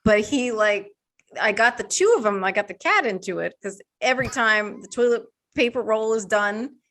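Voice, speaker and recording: A woman's voice: mid-range voice, animated, normal speed, a bit bright. A woman guest in a casual chat, talking with lots of fillers and frequent laughs.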